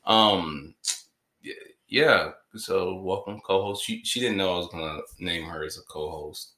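Deep-voiced joking man hosting a podcast. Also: measured pace, sharp tone, echoey room. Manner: joking, playful, rambling. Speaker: podcast host. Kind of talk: casual podcast chat.

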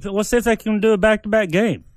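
A man's voice: high voice, fairly even intonation, fast talker, no room sound. A man co-hosting a podcast in casual chat, laid-back, often giving short replies. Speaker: podcast co-host.

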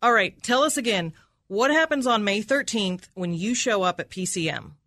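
Aggressive woman cross-examining, bright tone. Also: mid-range voice, lively intonation, moderate pace, dry recording. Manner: aggressive, repeats answers back with "right?". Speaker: prosecutor.

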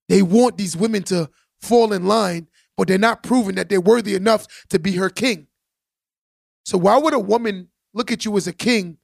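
Man, podcast host, emphatic and preachy, gravelly voice, dry close sound. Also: high-pitched, dry recording. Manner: emphatic, preachy, repeats phrases for stress. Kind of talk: casual podcast monologue.

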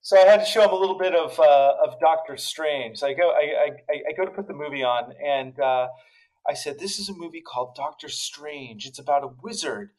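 A man's voice: a little high, brisk, darkish tone, low-quality recording. A man from the Netherlands co-hosting a podcast, telling a story in casual chat with many restarts and fillers. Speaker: podcast co-host.

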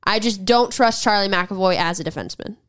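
A woman's voice: medium pitch, a little fast, fairly bright tone. A woman co-hosting a casual sports podcast, bluntly arguing her hockey opinions and pushing back firmly. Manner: assertive and blunt, pushes back with firm opinions. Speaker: podcast co-host. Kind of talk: casual sports debate chat.

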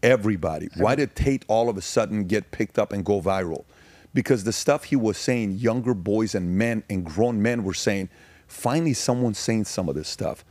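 A man with a low, slightly husky voice talks as a podcast guest in an emphatic, conversational way. He drives his points home with force and slips into the voices of people in his stories. The studio mic sounds close and dry, with no room around it. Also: normal speed, a little mellow, no room sound. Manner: emphatic, acts out quoted dialogue in varied voices. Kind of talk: animated conversational storytelling.

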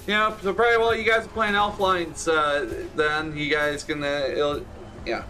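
A man narrating as game master for a tabletop role-playing session, halting often with fillers. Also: fairly high pitch, fairly even intonation, sharp tone, soft background music. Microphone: streaming setup with audio box.

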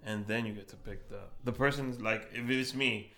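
A man's voice: medium pitch, steady tone, moderate pace, bright, forceful tone. A man hosting a podcast, chatting casually and plugging show dates in a laid-back way. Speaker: podcast host. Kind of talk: casual chat.

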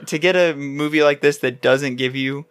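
A man's voice: a little high, steady tone, moderate pace, a bit bright, clear, resonant tone, no room sound. A man talking casually about a film on a podcast, rambling and enthusiastic, full of fillers. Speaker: podcast co-host.

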